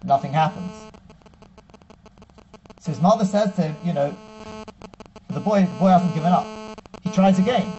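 A man giving a storytelling sermon as a rabbi, animated and acting out the quotes, recorded with a slightly dull sound and a faint hum. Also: high-pitched, moderate pace, long pauses. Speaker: rabbi giving a Torah class.

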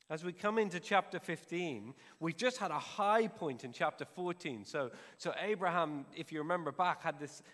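A man preaches in a relaxed, conversational way, restarting phrases as he works through the passage. His voice sits a little high for a man, and the long reverb of a church hall trails behind each phrase. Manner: conversational preaching with restarts, drops soft to pray. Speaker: pastor. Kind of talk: sermon.

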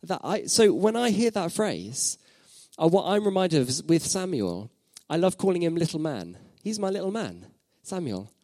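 Guy in his 30s preaching a sermon, kinda high voice, dry close sound, repeats stuff for emphasis. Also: sing-song, normal speed, few pauses, mellow, dry recording. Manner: reflective, repeats phrases for emphasis, asks the listeners questions. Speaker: pastor.

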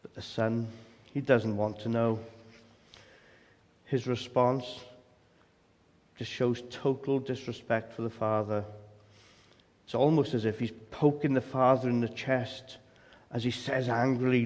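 A man's voice: medium pitch, fairly even intonation, measured pace, long pauses, darkish tone. Male preacher, emphatic, asks rhetorical questions, voice rings in a long-reverb hall. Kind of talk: sermon.

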